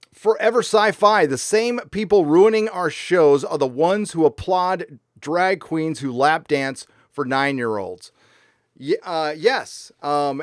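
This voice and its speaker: A man hosting a casual live stream, ranting with lots of swearing and reading out viewer messages in a warm room. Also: a little high, dry recording, studio quality.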